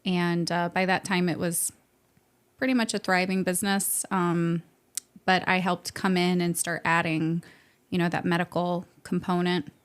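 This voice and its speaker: A woman's voice: lowish voice, flat delivery, measured pace. A young adult woman from the St. Louis area, chatting upbeat in a podcast interview as a guest, with frequent laughs and fillers. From St. Louis area, USA. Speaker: guest, med spa co-owner.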